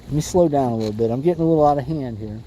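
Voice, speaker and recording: A man's voice: mid-range voice, racing, warm tone, slight background noise. A man hosting a fishing livestream from a small boat, talking in a rambling, jokey way and calling his viewers "bro" and "boys". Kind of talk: casual livestream chat while fishing. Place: small boat on a windy lake.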